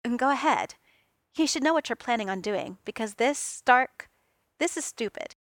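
A woman voicing a distracted, rambling scientist, a grown man who speaks in a calm, measured, slightly condescending way. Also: on the high side, no echo, clean studio sound.

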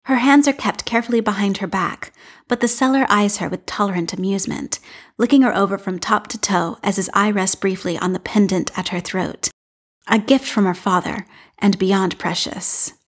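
A woman reading a fan fiction story aloud in a calm, measured narration. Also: mid-range voice, breathy edge. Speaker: reader.

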